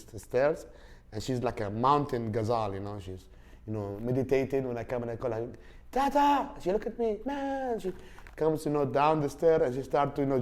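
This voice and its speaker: A man's voice: medium pitch, darkish tone. Rambling man. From Saudi Arabia. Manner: rambling, with many fillers and restarts. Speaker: podcast host. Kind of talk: casual storytelling.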